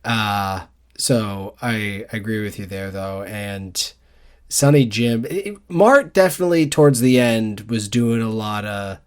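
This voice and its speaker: A man's voice: on the low side, unhurried. A man in his forties co-hosting a casual book club podcast, telling rambling stories and laughing at his own anecdotes. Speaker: podcast co-host.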